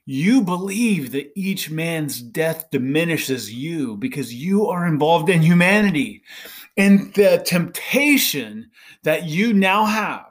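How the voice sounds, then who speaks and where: A middle-aged man delivers a podcast monologue in a slightly raised voice. He speaks slowly and earnestly, with a preachy tone, and often pauses to ask "right?". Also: on the high side, animated. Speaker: podcast host.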